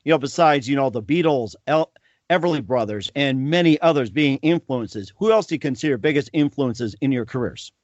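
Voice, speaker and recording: A man's voice: medium pitch, animated, brisk, no room sound. A middle-aged man hosting a talk show, interviewing guests with friendly affirmations. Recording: dry, muffled sound.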